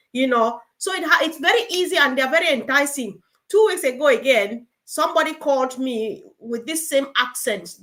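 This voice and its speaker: Lively woman co-hosting a group call. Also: high voice, brisk. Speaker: meeting co-host.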